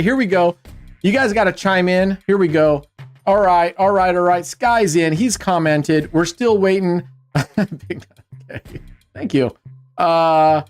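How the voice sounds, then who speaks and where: Male stream host, upbeat teasing banter, a bit high-pitched, soft music bed. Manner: joking, teasing banter with chat. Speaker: livestream host. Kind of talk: casual livestream chat.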